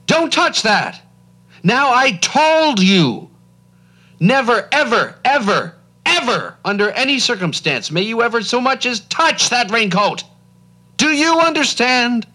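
A man voicing a sad, secretive grown man who speaks gently but can break into booming shouts. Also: expressive, normal speed, breathy edge. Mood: booming, stern.

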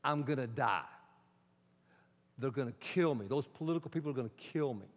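A man preaching a sermon as a pastor, swinging between loud and hushed delivery and acting out quotes. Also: mid-range voice, lively intonation, fairly quick. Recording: dull sound in a reverberant hall.

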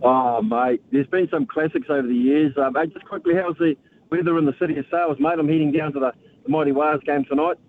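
Jovial New Zealand caller on phone line. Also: male voice, fairly high pitch, fast. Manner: jovial, rambling. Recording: tinny phone line with faint hiss.

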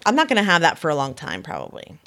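A woman's voice: sits low, fast. A woman in her early forties, co-hosting a casual chat and telling stories animatedly while acting out what people said. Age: 40s. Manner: animated storyteller who acts out quotes. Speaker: podcast co-host.

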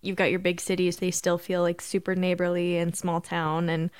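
A woman's voice: on the low side, little pitch movement, normal speed, clear, resonant tone, no echo, clean studio sound. A woman from British Columbia in casual chat, telling upbeat stories. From British Columbia, Canada. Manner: chatty, storytelling, upbeat.

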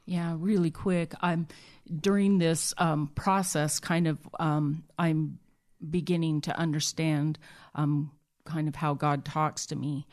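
Low-voiced woman telling her story haltingly. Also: fairly even intonation, a little mellow. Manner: halting, many restarts and fillers. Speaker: interview guest. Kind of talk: personal storytelling.

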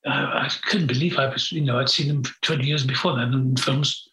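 A man's voice: medium pitch, steady tone, a little fast, sharp tone. An older man, telling his memories in an interview in a frank, rambling way, with many fillers. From Britain. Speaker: guest. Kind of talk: reminiscing interview. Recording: roomy echo.

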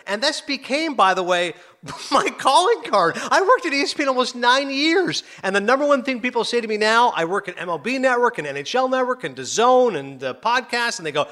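Brisk and high-voiced, this middle-aged man, a sports broadcaster who also hosts a podcast, swaps stories in a relaxed interview. He laughs a lot and plays out the quotes as he animatedly recounts them.

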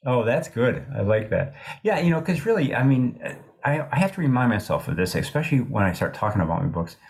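A man in his sixties, an author in an interview, talking in a thoughtful, halting way with many restarts. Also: mid-range voice, very animated, gravelly. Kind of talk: reflective interview talk.

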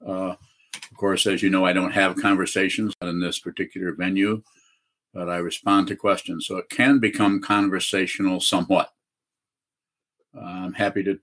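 A man teaching as a Zen teacher on a video call, answering questions in a halting way with many fillers and restarts. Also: low voice, flat delivery, a bit bright.

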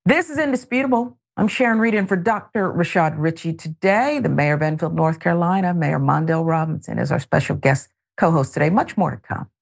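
Gravelly low-voiced woman news host. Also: a little fast, hardly any pauses. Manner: animated, editorializing with pointed asides. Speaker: news talk show host. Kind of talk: reading news with commentary.

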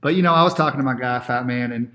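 Man, podcast co-host, enthusiastic, bantering, mid-pitched. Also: very fast, fairly bright tone.

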